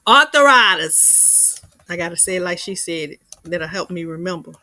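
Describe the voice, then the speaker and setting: A woman's voice: fairly low pitch, level tone, quick pace, poor audio. A woman hosting a casual livestream, chatting, reading viewer comments aloud and laughing often. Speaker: livestream host.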